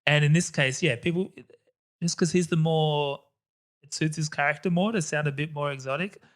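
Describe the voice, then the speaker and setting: A man guesting on a podcast, chatting casually about films in an animated, opinionated way and laughing often. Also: on the high side, moderate pace. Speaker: podcast guest, co-host of another podcast. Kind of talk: casual film chat.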